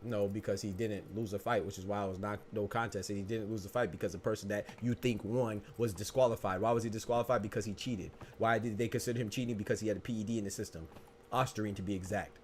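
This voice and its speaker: A man's voice: on the low side, quick pace, a little hiss or hum. Heated, slangy man ranting on stream. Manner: animated, argumentative, repetitive, slangy. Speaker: podcast host. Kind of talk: casual live-stream commentary.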